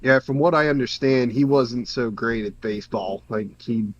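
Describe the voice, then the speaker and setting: A man's voice: medium pitch, moderate pace, dull audio. A man in a casual group chat who often asks questions and sounds unsure.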